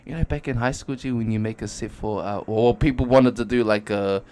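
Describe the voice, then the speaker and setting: A man's voice: mid-range voice, fairly quick, a little mellow, clean tone. Laid-back young New man. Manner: laid-back slangy storytelling, laughs often. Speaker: podcast guest, dancer. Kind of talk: casual chat.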